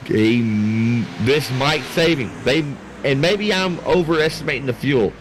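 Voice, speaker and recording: A man doing live play-by-play commentary for a sim racing league, rambling and excitable, talking to his producer on air. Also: mid-range voice, measured pace, a little hiss or hum.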